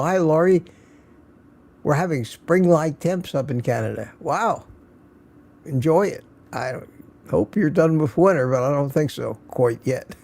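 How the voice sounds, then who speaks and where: A man's voice: a little high, a little mellow. An older man hosting a casual live stream, greeting viewers by name one after another and chuckling often.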